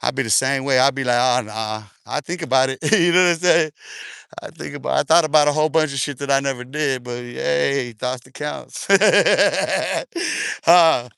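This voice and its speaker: A middle-aged man hosting a casual livestream, talking loudly with laughter and profane street slang while walking outdoors in a park, speaking into a phone. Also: medium pitch, moderate pace, vocal fry, smooth, no room sound, studio quality. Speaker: livestream host. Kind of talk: casual livestream chat reading comments.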